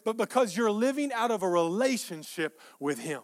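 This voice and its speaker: A male pastor preaching a sermon, emphatic and repeating his phrases, swinging between soft asides and loud peaks. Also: high voice, sing-song, moderate pace, hardly any pauses.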